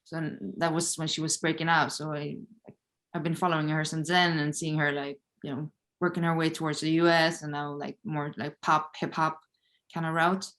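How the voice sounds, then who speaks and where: A woman's voice: low-pitched, little pitch movement, moderate pace, a bit bright. A woman as a podcast guest, talking in an easygoing, casual way. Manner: easygoing, many "like" fillers. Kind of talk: casual interview.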